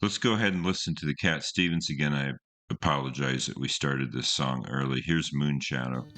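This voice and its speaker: Very deep-voiced man rambling about songs. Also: brisk, a bit bright. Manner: rambling, with many fillers and restarts. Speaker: host reviewing songs. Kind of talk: casual commentary.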